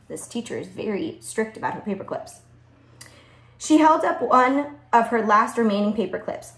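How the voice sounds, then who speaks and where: A woman's voice: fairly high pitch, normal speed, slight background noise. A woman reading a children's book aloud to a class, adding chatty asides and laughing at the text. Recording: echoey room.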